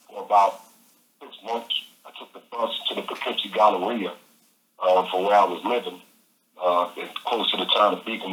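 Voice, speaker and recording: A man telling a story as an interview guest over the phone, animated and repeating phrases. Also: fairly low pitch. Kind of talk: casual storytelling. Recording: phone line.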